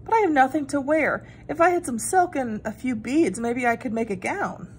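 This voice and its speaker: A woman's voice: high voice, animated, normal speed, husky, pitched above the performer's own voice. A woman voicing an earnest, eager young hen heroine in a storybook reading. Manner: eager, breathless.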